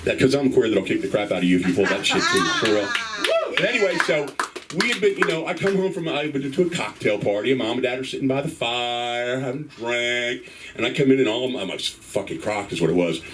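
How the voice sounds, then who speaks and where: A middle-aged man does a stand-up set on a club stage. He tells a profane story and acts out the other voices in it. His voice is of average pitch and comes from a distance through a room mic. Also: animated, fairly quick, a loud crowd. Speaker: stand-up comic. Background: live audience.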